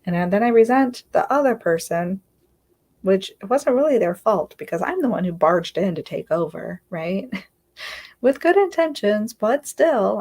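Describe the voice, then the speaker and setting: Speaking in a mid-range, darkish voice, an inner healing coach shares an earnest self-help talk on a live stream in a confiding way. She frequently checks in with "right?" and is close to tears at times.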